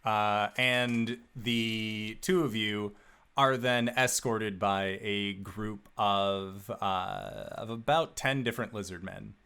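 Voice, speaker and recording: A man with a fairly low voice runs a tabletop game as game master. He narrates scenes in a relaxed, halting way, with many pauses and fillers. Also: vocal fry, smooth.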